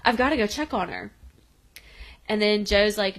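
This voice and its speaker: A woman's voice: mid-range voice, fairly bright tone, rough recording. Woman recapping a show, acting out lines. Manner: acts out the characters' lines in quick voices while retelling. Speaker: podcast co-host. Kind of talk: casual episode recap.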